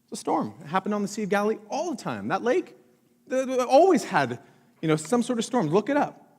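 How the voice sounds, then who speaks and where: A high-voiced male pastor preaching with lively, swinging delivery and playful self-mocking humor. His voice carries a long reverb from the church hall. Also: a little fast, slightly rough. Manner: animated storytelling, jokey and self-mocking. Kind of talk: sermon. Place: church auditorium.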